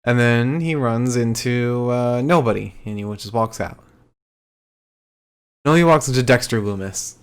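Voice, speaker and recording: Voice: medium pitch, measured pace, clean tone. A podcast co-host recapping wrestling in a laid-back, casual way.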